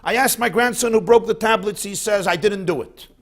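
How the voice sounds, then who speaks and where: A man voicing an indignant elderly grandfather who loudly demands answers. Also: on the high side, expressive, normal speed. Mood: outraged. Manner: shouting, outraged.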